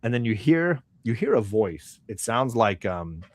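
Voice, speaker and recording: A man's voice: mid-range voice, big pitch swings, measured pace, darkish tone. A man narrating as game master of a tabletop game, rambling with many fillers.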